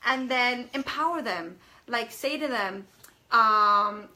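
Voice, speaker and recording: A woman's voice: on the high side, slow, pushed and bright. A woman in her thirties chatting casually to camera as a parenting vlogger, rambling a little with fillers and restarts.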